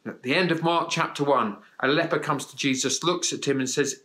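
Bright-voiced man preaching a sermon. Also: fairly high pitch, fairly quick. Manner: earnest, encouraging, rises and drops for emphasis. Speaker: pastor.

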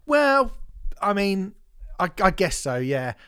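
A man's voice: high voice, very animated, slow, fairly bright tone, clear, resonant tone. A man, co-hosting a podcast in casual chat, rambling and laughing often. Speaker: podcast co-host.

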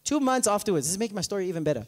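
A man's voice: high-pitched, rapid-fire. A male pastor preaching a conversational sermon, telling stories and often checking in with the congregation. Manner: animated, asks congregation often, many fillers. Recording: long hall reverb.

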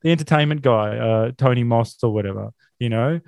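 A man hosting a podcast, chatting about a film in an animated, incredulous way and swearing freely. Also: medium pitch, fairly quick, gravelly, no echo. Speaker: podcast host. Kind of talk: casual film-review chat.

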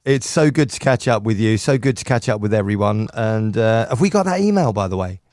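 A man's voice: lowish voice, lively intonation, a little fast, a little mellow, no room sound, clean studio sound. A man co-hosting a casual radio-station podcast, chatting and joking, often slipping into a put-on Irish voice. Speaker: podcast co-host. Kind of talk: casual chat.

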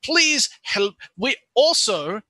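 A man plays a polite, flustered male official who receives visitors at his desk, with formal and halting phrasing. The voice is very bright and high, with wide, lively pitch swings. The delivery is unhurried, and the recording is dry and close. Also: dry recording, heavily acted.

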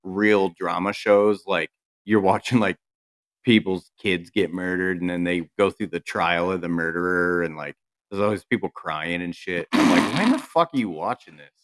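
A man's voice: low-pitched, moderate pace, a bit bright. A man co-hosting a podcast, talking in a laid-back, swearing casual chat. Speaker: podcast co-host.

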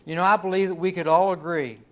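A man preaching a sermon as pastor, pressing his points with rising emphasis and slowing down to stress key words. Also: sits high, fairly even intonation. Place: church.

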